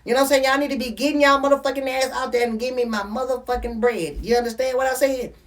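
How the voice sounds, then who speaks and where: A man's voice: high voice, a little fast, close to an everyday voice. A man playing a boastful streetwise pimp in a spoof interview, rambling in slang and constantly asking "you know what I'm saying". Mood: scolding. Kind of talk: comedic parody interview.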